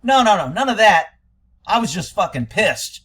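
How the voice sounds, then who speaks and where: Scornful, blunt man with a high voice. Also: very animated, moderate pace, fairly bright tone, husky. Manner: profane. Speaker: commentator reacting to interview audio. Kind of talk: critical commentary.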